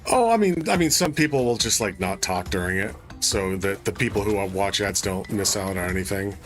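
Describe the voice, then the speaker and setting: Chatty male gamer, lively pitch. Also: a little fast. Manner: relaxed, chatty, swears when he fails. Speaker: gameplay streamer. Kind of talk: casual chat while playing a game. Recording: livestream with game music behind. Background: game music.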